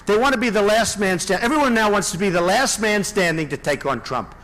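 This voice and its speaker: A man's voice: high voice, expressive, fairly quick, a bit bright, low-quality recording. Rambling older man giving a rally speech. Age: 60s. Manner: rambling, repetitive, boastful asides. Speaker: presidential candidate. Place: large indoor rally venue.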